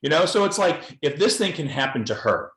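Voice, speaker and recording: A man's voice: on the high side, very animated, fairly quick, a bit bright. A filmmaker from Los Angeles, a man, speaking bluntly and earnestly in a candid panel discussion, often repeating words as he goes. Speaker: documentary filmmaker guest. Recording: roomy echo.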